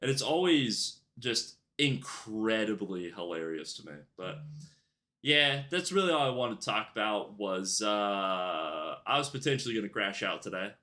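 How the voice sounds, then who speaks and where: A man's voice: lowish voice, animated, measured pace, bright, forceful tone. A young man telling a storytime vlog about his retail job in a casual, rambling way, full of fillers and restarts. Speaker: YouTuber telling a work story.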